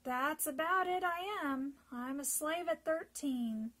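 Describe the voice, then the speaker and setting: A woman's voice: sits high, slow, sharp tone, heavily acted. A woman voicing a thirteen-year-old boy who smokes. He answers in a plain, matter-of-fact way. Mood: frank.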